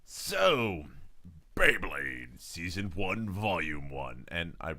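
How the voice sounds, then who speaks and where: A man's voice: sits low, very animated, slow pace, sharp tone. A man co-hosting a casual chat about new game releases, joking and playful. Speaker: co-host.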